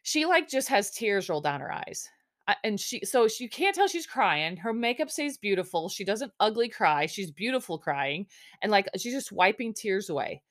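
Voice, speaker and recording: Woman, podcast host, casual rambling recap, frequent restarts, middle pitch. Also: big pitch swings, moderate pace, a bit bright. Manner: rambling, chatty, swears, many restarts and fillers.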